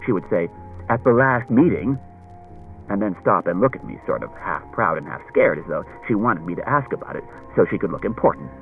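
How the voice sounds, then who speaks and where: A talkative, fretful wife who wanders all around her story, her voice lifted high and swinging up and down, as a male reader puts her on. The recording is dull and lo-fi, with faint music behind. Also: expressive, a little fast, gravelly. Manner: rambling, circuitous storytelling. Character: chatty anxious wife, adult woman.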